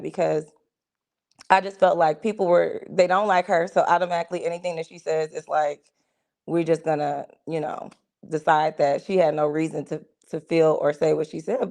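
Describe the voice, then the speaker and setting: Gravelly-voiced woman, conversational. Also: fairly low pitch, darkish tone. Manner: conversational, measured, trails off mid-thought. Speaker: podcast co-host. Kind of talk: casual reality-show reaction talk.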